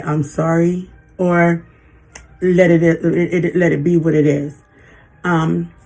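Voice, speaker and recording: A woman in her fifties venting in a personal vlog, halting and emotional, holding back tears. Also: sits low, dark tone. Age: 50s. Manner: emotional, halting, frequent restarts. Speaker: vlogger.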